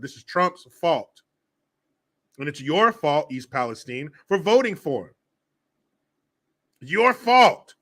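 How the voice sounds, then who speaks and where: A man hosting a political commentary show, sarcastic and animated, often laughing and swearing. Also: on the high side, unhurried, vocal fry, pauses often. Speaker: host.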